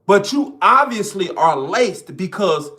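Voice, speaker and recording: Man, online commentator, casual rant, profane, emphatic, lively pitch swings. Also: takes it slowly.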